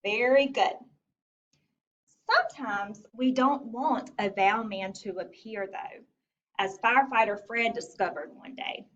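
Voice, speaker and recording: A woman teacher giving a phonics lesson to young children, speaking slowly, clearly and encouragingly. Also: on the high side, a bit bright, a little hiss or hum. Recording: distant lo-fi recording.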